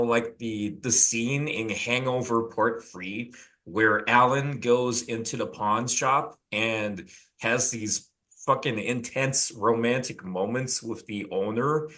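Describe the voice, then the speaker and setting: A man's voice: medium pitch, pushed and bright. A man working as a dating coach, rambling through an offhand, profane story in casual panel chat.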